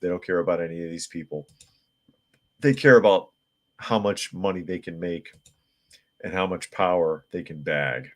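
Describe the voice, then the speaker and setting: Low-voiced opinionated male podcast host. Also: normal speed, long pauses. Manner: opinionated, reads viewer comments and articles aloud; frequent restarts and filler words. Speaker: podcast host reading chat and news. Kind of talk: casual live-stream commentary.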